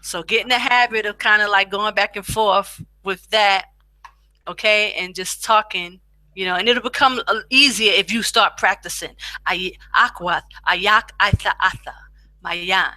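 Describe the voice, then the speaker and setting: A woman teaching a beginner language lesson, slowly repeating each phrase for practice, with chatty asides. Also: mid-range voice, bright, forceful tone, dry recording.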